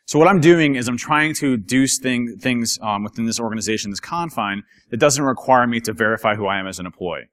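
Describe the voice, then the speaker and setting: A man giving a casual, chatty conference talk to a live audience, telling stories in an animated way. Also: mid-range voice, fairly quick, few pauses. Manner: chatty, animated, acts out quoted voices. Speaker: conference speaker.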